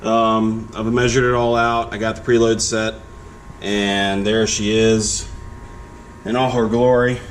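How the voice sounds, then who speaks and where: A man's voice: lowish voice, flat delivery, a little hiss or hum. A man talking casually through a car suspension install as he works, a little out of breath, with the camera on his head in a garage. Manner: unhurried, talks himself through each step. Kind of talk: casual how-to narration while working. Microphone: head-mounted camera.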